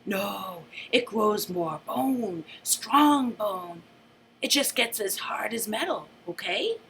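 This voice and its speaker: A woman reading aloud voices an excitable teenage boy who ends his sentences like questions. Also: mid-range voice, slow pace, slight background noise. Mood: eager. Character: excitable teen boy, martial arts fan.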